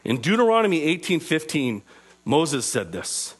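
High-voiced man preaching to listeners. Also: sing-song, husky. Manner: asks the listeners questions, slows down on key phrases. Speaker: preacher teaching a group. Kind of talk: interactive sermon.

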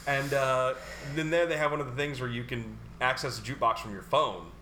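A man co-hosting a podcast, telling a bar story in a relaxed, laughing way. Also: medium pitch, fairly quick, a little hiss or hum. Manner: laughing, easygoing anecdote teller. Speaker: podcast co-host. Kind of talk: casual chat.

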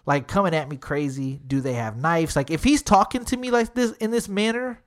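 Profane, excitable man telling a story. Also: a little high, fairly quick. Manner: heavy swearing, fillers like "literally" and "dude"; animated retelling, acting out quotes. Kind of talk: casual storytelling chat.

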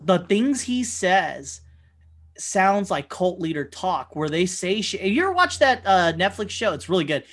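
A man's voice: high voice, very animated, normal speed, a bit bright. A man in casual podcast chat, rambling through stories and acting out the people he quotes, swearing freely.

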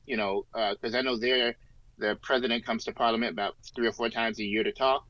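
This man co-hosts a podcast and talks politics in a loose, rambling way, often restarting and using fillers. He has a medium-pitched, fairly bright tone, and the recording is dry, with no echo, and lo-fi and dull.

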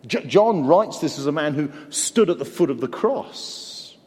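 A man from England with a fairly high, slightly mellow voice preaches a sermon, animated but a little slow. He's earnest and conversational with self-deprecating humor, and the recording carries a long hall reverb.

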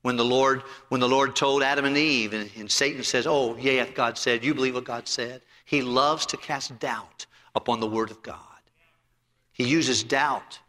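A pastor preaches a sermon to his congregation in a forceful, cutting tone, swinging between loud emphatic lines and soft, intimate asides while telling stories along the way. His mid-range voice keeps fairly even intonation at a moderate pace. It rings out with long reverb through a large church sanctuary.

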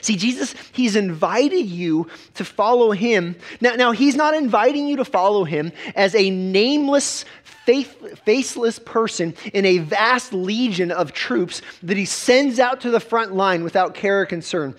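Animated man preaching a sermon. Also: high voice, measured pace, few pauses. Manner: animated preaching, emphatic repetitions and stumbles. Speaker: pastor.

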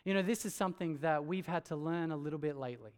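High-voiced man preaching in a reverberant hall. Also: fast, smooth. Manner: earnest, emphatic preaching that drops low and quiet on key lines. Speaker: pastor. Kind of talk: sermon.

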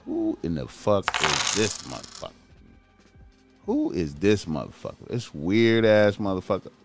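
A man giving profane, rambling casual commentary, repeating himself and breaking into high, incredulous outbursts. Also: very animated, measured pace, soft background music.

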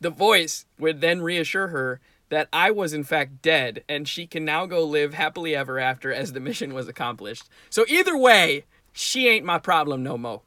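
A man's voice: a little high, expressive, moderate pace, few pauses, bright, forceful tone, no room sound, studio quality. A man co-hosting a podcast, chatting playfully about tabletop game scenarios and laughing often. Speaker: podcast co-host.

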